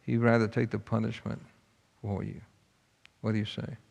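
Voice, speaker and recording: Gravelly preacher with a long hall echo. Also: male voice, lowish voice, level tone, normal speed, a little mellow. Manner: folksy, earnest. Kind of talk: sermon storytelling.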